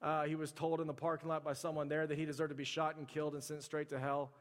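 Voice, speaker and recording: A man preaching to his congregation with a somewhat high voice. He tells stories casually and fills his sentences with "like." His voice rings out with a long reverb from a big hall. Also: little pitch movement, quick pace. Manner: conversational storytelling, heavy use of "like". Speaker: pastor. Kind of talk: sermon.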